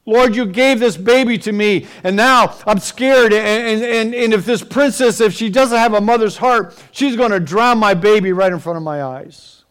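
Desperate mother praying under her breath, put on by a male preacher; keep it gentle and earnest. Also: sits high, normal speed, few pauses, clean tone. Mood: frightened. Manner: pleading, soft and earnest. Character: anxious Hebrew mother coaxing her young daughter.

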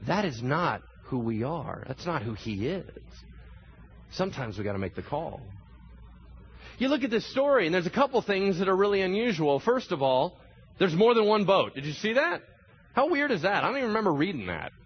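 Animated pastor preaching, husky voice. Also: male voice, high-pitched, fairly quick, lo-fi sound. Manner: animated, acts out voices in the story. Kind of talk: sermon.

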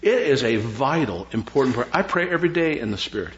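A middle-aged man, preaching a sermon as pastor in an animated, joking way with lots of repetition. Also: mid-range voice, quick pace, echoey room. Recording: dull lo-fi sound.

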